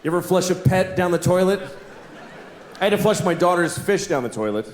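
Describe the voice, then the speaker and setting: Animated, exasperated male stand-up comedian. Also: high voice, a little fast, reverberant, a little hiss or hum. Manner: animated, exasperated storytelling with cursing. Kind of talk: stand-up routine.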